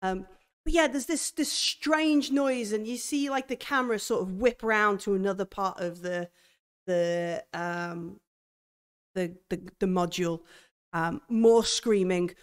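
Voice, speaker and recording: A woman game master describing a horror scene in a tabletop game, halting as she goes. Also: mid-range voice, clean tone. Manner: halting, full of fillers and restarts.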